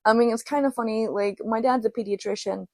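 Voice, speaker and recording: A young adult woman hosting a podcast, chatting casually and laughing often as she tells stories and quotes others in quick asides. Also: on the high side, fairly even intonation, dry recording. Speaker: podcast host. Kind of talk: casual solo podcast storytelling.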